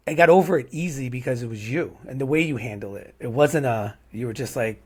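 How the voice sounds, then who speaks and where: A man's voice: medium pitch, fairly quick, few pauses, darkish tone, slightly rough. Rambling man hosting a podcast. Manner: rambling, repeats "right?" often. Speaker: podcast host. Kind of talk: casual heartfelt conversation.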